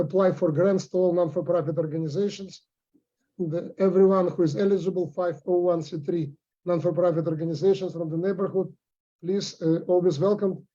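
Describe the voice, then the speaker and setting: Councilman addressing a community board, high voice, mellow tone, slightly halting delivery. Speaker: city councilman. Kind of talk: public meeting remarks. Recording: dull lo-fi audio.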